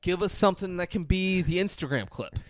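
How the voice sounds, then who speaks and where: A man hosting a podcast, recapping a film in casual, animated, profane storytelling. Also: high-pitched, fairly quick, no echo. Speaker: podcast host.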